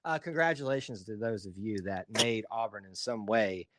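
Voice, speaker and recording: A man's voice: lowish voice, normal speed, a bit bright, no room sound, clean studio sound. A man from Alabama with an Alabama Southern accent, co-hosting a casual sports podcast in a rambling, joking, self-deprecating way. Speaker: podcast co-host.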